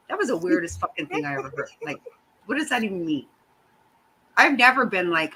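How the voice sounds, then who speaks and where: A woman's voice: mid-range voice, very animated, fairly quick, sharp tone, husky, low-quality recording. A middle-aged woman hosting a casual chat, ranting bluntly and swearing often. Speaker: host.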